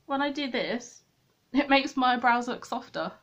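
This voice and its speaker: A woman's voice: high-pitched, lively intonation, measured pace, a bit bright. A young woman chatting to viewers while she does her makeup at a desk at home, rambling and poking fun at herself. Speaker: beauty vlogger. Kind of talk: chatty get-ready-with-me vlog. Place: room at home, at a desk with a mirror.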